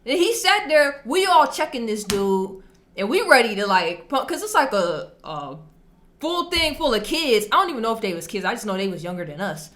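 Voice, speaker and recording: A woman's voice: medium pitch, sing-song, fairly quick, fairly bright tone. A young adult woman telling a story and reacting to posts in a casual, slangy and emphatic way. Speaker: vlogger reacting to online posts.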